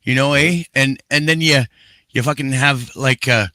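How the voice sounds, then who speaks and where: A man's voice: medium pitch, steady tone, unhurried, pushed and bright, dry recording. A man on a live stream hamming up a Canadian accent, swearing a lot and stumbling over his words. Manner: exaggerated Canadian slang, heavy swearing. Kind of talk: casual chat.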